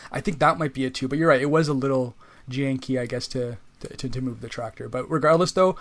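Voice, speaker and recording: A man talks quickly in a casual podcast chat, thinking aloud as he goes. He often restarts a phrase before finishing it. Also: medium pitch, fairly even intonation, fairly bright tone. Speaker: podcast co-host. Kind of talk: casual chat about a video game.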